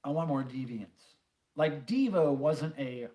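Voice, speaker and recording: A man's voice: on the high side, expressive, moderate pace, darkish tone. A middle-aged man hosting a casual livestream chat, reading viewer comments and rambling with many fillers and the odd swear. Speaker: livestream host.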